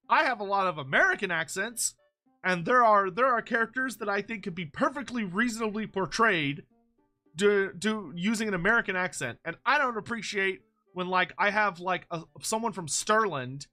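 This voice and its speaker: A man's voice: high voice, expressive, moderate pace, pushed and bright, soft background music. A man hosting a casual meme review, rambling with frequent swearing and mock-outraged rants. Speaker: YouTube host reviewing fan memes.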